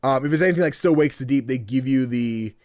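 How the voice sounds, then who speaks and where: A man hosting a casual podcast, talking in an animated way, laughing often and acting out voices as he retells things. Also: mid-range voice, quick pace, dry recording, clean studio sound. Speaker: podcast host.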